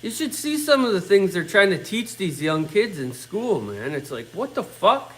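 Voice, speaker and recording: A man's voice: high voice, very animated, normal speed, a bit bright, low-quality recording. A middle-aged man in his own workshop, ranting bluntly and swearing constantly in casual talk. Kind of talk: casual rant.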